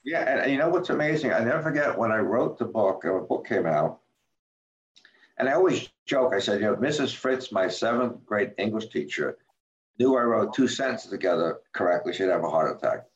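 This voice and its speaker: An older man speaking as a guest about his life, halting and repeating words, acting out quoted lines in a livelier voice. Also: on the low side, lively intonation, slight background noise. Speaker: guest, author and former medical center president. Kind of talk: candid interview talk. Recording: dull roomy remote recording.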